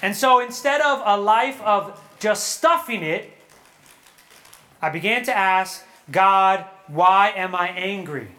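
A man preaching at a young adult retreat, earnest and animated, acting out prayers and quotes before a live audience. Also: high voice. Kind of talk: sermon.

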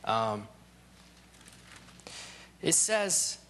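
A man's voice: on the high side, sing-song, extremely slow, fairly bright tone, slight background noise. A man teaching a Bible lesson in a loose, conversational way, often trailing off with asides and restarting his sentences. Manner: rambling, full of "you know" asides and restarts.

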